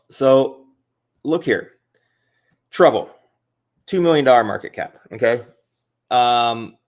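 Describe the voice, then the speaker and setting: A man hosting a casual crypto video, talking through his screen with excitable, rambling commentary, full of fillers and repeats. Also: lowish voice, vocal fry.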